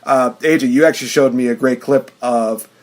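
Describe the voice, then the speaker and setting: A man's voice: mid-range voice, steady tone, brisk. A man hosting a casual podcast chat, steering the talk, laughing often and using lots of fillers. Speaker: podcast host.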